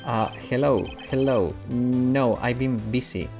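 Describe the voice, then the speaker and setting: An unsure young defense attorney from a courtroom game, hesitant and a little awkward, as a man reads him aloud. The delivery is slow and plain at a middling pitch. Faint game music sits behind. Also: natural voice.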